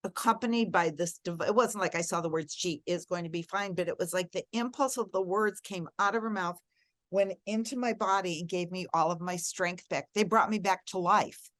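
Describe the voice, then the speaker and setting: A woman's voice: on the low side, moderate pace, a bit bright, no echo. A middle-aged woman, a guest in an interview, telling a personal story in an earnest, reflective way and leaning on key words.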